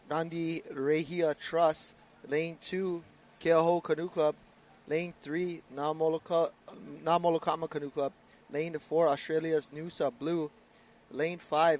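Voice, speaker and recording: A man gives upbeat live sports commentary on a canoe race, running through the lanes and crews. His voice is slightly raised and fairly high in pitch.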